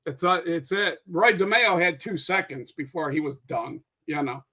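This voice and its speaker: A man's voice: fairly high pitch, normal speed, pushed and bright, breathy edge. A man talking as a guest on a casual podcast, rambling through long stories with many restarts and some swearing. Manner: rambling, with frequent restarts and profanity.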